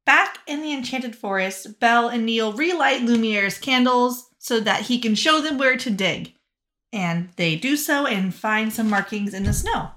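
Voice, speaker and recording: Bright-voiced woman recapping a show. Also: on the high side. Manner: lively, acts out characters' lines in quick voices. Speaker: podcast co-host recapping a TV show. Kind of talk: casual chat, recapping with acted quotes.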